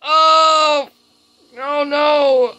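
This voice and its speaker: A man voicing a young male fox sidekick who is easily frightened, screaming in high-pitched panic. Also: level tone, very slow, sharp tone, exaggerated voice, poor audio. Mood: panicked.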